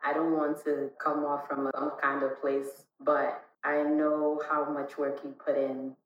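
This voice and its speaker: A woman's voice: low-pitched, level tone, unhurried, echoey room, far from the mic, highs cut off. A woman co-hosting a podcast, talking in a rambling, heartfelt way full of restarts. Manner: emotional, rambling, with many restarts. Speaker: podcast co-host. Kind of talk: casual chat.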